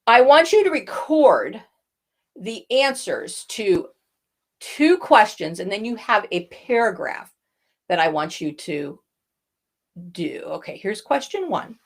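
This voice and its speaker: Expressive female voice coach teaching. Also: mid-range voice, slow pace. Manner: expressive, demonstrates tones with her own voice. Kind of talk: instructional talk.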